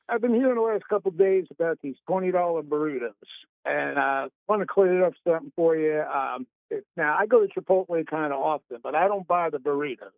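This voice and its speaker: A man's voice: fairly high pitch, no room sound. A man calling in to a radio show, chatting in a polite, folksy way and answering with "sir". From North Carolina. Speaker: radio caller. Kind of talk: casual phone-in chat. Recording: tinny phone line.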